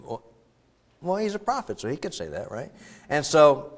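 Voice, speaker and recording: A man's voice: fairly high pitch, wildly swooping pitch, moderate pace. A middle-aged man preaching a sermon as pastor, conversational and digressive, with frequent fillers. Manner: conversational, digressive, breaks into loud acted quotes.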